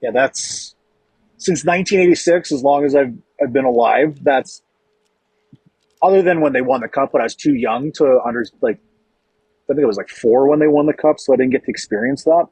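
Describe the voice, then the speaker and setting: A man's voice: mid-range voice, a little fast, a little mellow, slightly rough, no echo, poor audio. A man of about forty co-hosting a casual hockey talk show, giving emphatic, opinionated playoff picks with frequent restarts. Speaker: hockey co-host and analyst. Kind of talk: casual sports podcast talk.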